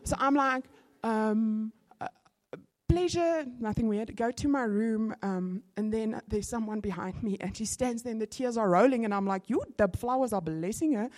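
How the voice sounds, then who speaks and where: A middle-aged woman, giving an animated testimony in a sermon, with sudden bursts of excitement. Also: on the high side, moderate pace.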